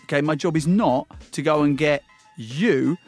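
A man's voice: on the high side, normal speed. A man, a podcast guest and former music publicist, tells anecdotes in casual chat and acts out other people's voices.

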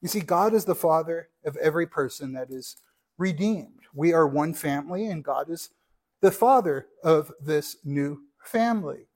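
Male pastor delivering a sermon, earnest and teacherly, asides to the congregation, voice pitched slightly high. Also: lively intonation, normal speed, a little mellow.

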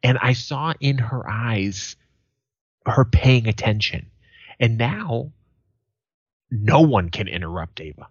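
A man's voice: mid-range voice, slow pace, long pauses, slightly rough, no echo, lo-fi sound. A man, co-hosting a podcast and telling profane stories in a casual chat. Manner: profane storytelling, animated quoted voices. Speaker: podcast co-host.

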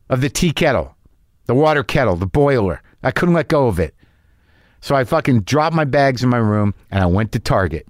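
A man's voice: medium pitch, dry recording, clean studio sound. A middle-aged man telling a stand-up story, rambling and self-mocking, swearing freely and acting out his own asides. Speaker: comedian.

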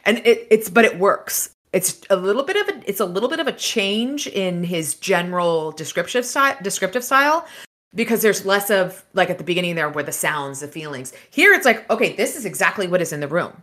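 A woman co-hosting a casual book podcast, chatting about chapters and reading passages aloud in an animated way. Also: mid-range voice, brisk. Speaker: podcast co-host.

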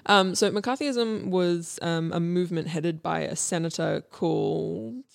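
A woman's voice: fairly low pitch, measured pace, gravelly. A young woman co-hosting a casual history podcast, talking with many ums and restarts. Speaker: podcast co-host presenting history.

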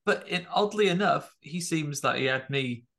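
A man co-hosting a horror film podcast, telling stories and dropping jokey asides in relaxed chat. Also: on the high side, moderate pace, gravelly. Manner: jokey, storytelling, offers asides. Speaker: podcast co-host.

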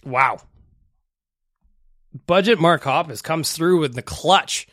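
A man's voice: fairly high pitch, expressive, takes it slowly, background noise. A man hosting a casual podcast, chatty and self-deprecating as he plays listener voicemails. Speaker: podcast host.

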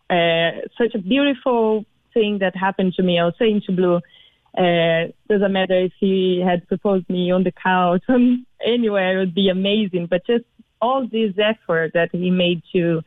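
A woman's voice: fairly low pitch, moderate pace, no room sound. Cheerful Brazilian-born woman on a phone line. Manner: excited, cheerful storytelling. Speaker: interview guest. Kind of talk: phone interview.

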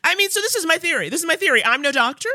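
A woman's voice: extremely high pitch, lively intonation, very fast, sharp tone, no room sound, studio quality. A woman from New York City co-hosting a comedy podcast, ranting and explaining things with conviction. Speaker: podcast co-host. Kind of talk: casual comedic chat.

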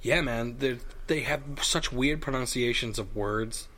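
A young man chats with his friends in an excitable, joking way, swearing without a second thought. His voice sits at an ordinary middle pitch. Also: a little slow. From New York. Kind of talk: casual chat among friends.

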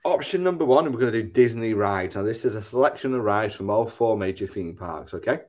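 A man co-hosting a casual podcast on an online group call. He explains the rules with jokey, dark exaggerations. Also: fairly low pitch, lively intonation, a little fast. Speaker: podcast co-host. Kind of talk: casual chat, explaining a game.

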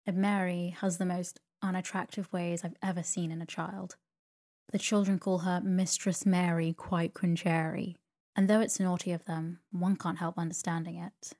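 A woman's voice: fairly low pitch, flat delivery, normal speed, a little mellow, close to an everyday voice. A woman reading a genteel, pitying lady. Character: pitying clergyman's wife, genteel.

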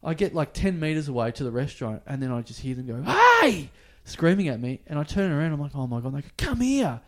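A man's voice: medium pitch, very fast, a little mellow. A man, co-hosting a podcast and telling a rambling anecdote in casual chat, acting out bits of dialogue. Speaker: podcast co-host.

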